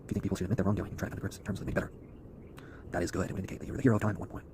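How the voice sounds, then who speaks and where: Man, rapid intense rant to camera, preachy, swearing, low-ish voice, faint noise. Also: fairly even intonation. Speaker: online video creator.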